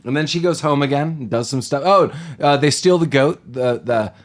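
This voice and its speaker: A man's voice: fairly high pitch, moderate pace. Rambling man recapping a movie. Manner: rambling, jokey, acts out quotes. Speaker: podcast co-host. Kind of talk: casual movie-recap chat.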